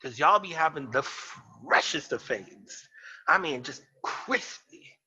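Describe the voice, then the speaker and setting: A man's voice: on the high side, lively intonation, slow, pushed and bright, breathy edge, lo-fi sound. A man co-hosting a casual podcast chat, ranting in a sassy, emphatic way. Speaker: podcast co-host.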